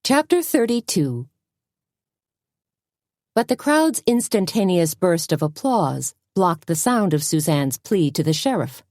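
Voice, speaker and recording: A woman narrating a cozy mystery audiobook in an expressive storytelling manner. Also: on the low side, a little slow, dry recording, studio quality. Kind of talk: scripted narration.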